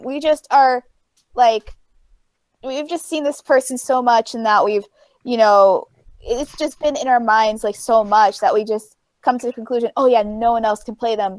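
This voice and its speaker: A woman with a high voice co-hosts a podcast, musing in a hesitant way with many fillers. The sound is dry and close. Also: a little mellow, no echo. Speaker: podcast co-host. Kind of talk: casual chat.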